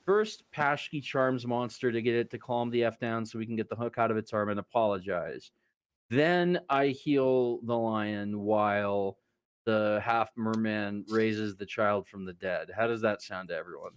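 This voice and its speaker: A man's voice: fairly low pitch, a little slow, clean tone, dry recording. A man playing in a tabletop game, laying out plans for the group in casual chat. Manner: organized, proposes plans. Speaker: player.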